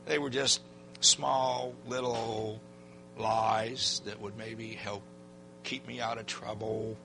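This is a gravelly, mid-range voice belonging to an older man preaching as a pastor. His sermon includes a folksy, animated personal story in which he performs what people said.

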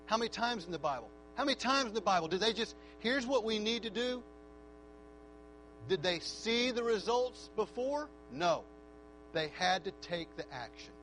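A man preaching a sermon, his voice very high and sharp-edged. He swings from hushed, thoughtful musing to fervent shouting as he calls the church forward. A faint electrical hum sits underneath. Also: rough recording. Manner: quiet reflective build-up rising to shouted fervent altar call.

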